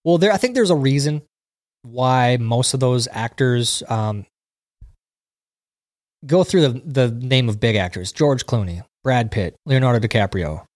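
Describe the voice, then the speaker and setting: A man's voice: medium pitch, animated, unhurried, darkish tone, no room sound. Casual male stream host riffing on comments, mid voice, dry mic. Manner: chatty, reads viewer comments aloud and riffs on them. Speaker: livestream host reading chat. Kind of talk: casual chat.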